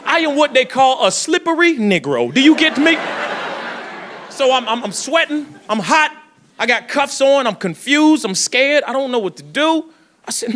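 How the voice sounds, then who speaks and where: A man doing a stand-up comedy set, telling a story with shouted punchlines and quick switches into voices. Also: very high voice, big pitch swings. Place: comedy club with audience.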